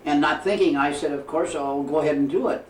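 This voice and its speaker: Soft-spoken man telling a story in an echoey room. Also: a little high, far from the mic. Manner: measured storytelling, quoting dialogue, frequent pauses with "uh". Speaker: interviewee recounting life with his guru. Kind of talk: reflective spoken memoir. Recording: echoey room, voice from off the mic, faint ambient noise.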